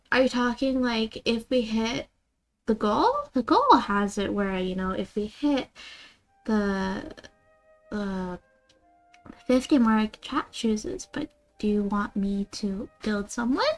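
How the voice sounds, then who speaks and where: A woman streams a game and chats casually with her viewers, playfully dramatic and sometimes dropping into a half-whisper. Her voice is on the high side, expressive and slow, with faint music behind it.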